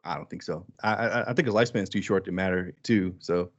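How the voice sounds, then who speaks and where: Animated man, casual podcast chat. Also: fast talker, lo-fi sound. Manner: animated, jumps high to act out quoted lines. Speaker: podcast co-host.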